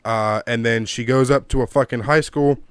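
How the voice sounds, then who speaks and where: Male creator doing a home-mic rant review. Smooth, resonant voice, dry close sound, profane and rambling. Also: mid-range voice, fairly even intonation, moderate pace, no room sound. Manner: profane, rambling, gets worked up. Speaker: video creator reviewing a movie. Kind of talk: casual ranting commentary. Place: home room. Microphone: own desk mic.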